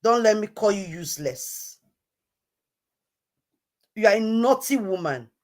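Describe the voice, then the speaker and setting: A woman's voice: mid-range voice, lively intonation, a little slow. A woman hosting an online show, scolding someone in a heated, repetitive rant. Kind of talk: heated live-stream rant.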